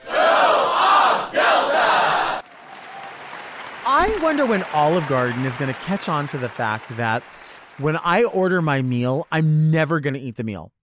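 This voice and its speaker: A man's voice: a little high, very animated, normal speed, crowd noise, noisy background. A man in drag hosting a talk show, delivering a campy, theatrical comic monologue full of rambling asides. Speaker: podcast host in drag.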